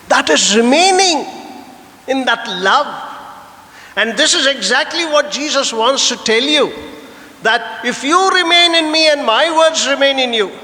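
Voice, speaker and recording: A priest preaching a Sunday homily in a church, earnest, with rhetorical questions and a personal story. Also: male voice, very high voice, bright, forceful tone, long reverb tail.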